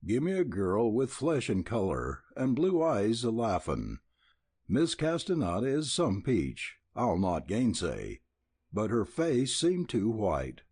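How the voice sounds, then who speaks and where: A man's voice: on the low side, huge pitch swings, slow, a little mellow, breathy edge, no room sound, studio quality, exaggerated voice. A man doing a smitten young cowboy. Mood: dreamy. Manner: dreamy, rambling.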